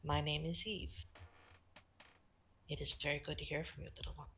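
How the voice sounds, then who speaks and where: A woman voicing a gentle, formal guardian figure in whispered role-play, speaking softly and in a measured way. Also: low-pitched, steady tone, slightly rough, exaggerated voice. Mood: tender. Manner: hushed, soft and measured, partly whispered.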